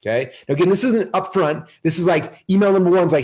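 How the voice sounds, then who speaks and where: Fast-talking energetic man presenting a webinar. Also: a little high, slightly rough. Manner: energetic, salesy, asks the audience questions. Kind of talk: live marketing webinar.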